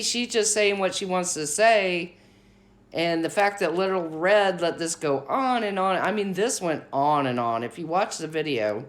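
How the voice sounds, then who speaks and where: A woman hosting her own commentary vlog, giving blunt, outspoken opinions in a casual talking style. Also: on the low side. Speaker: commentary channel host.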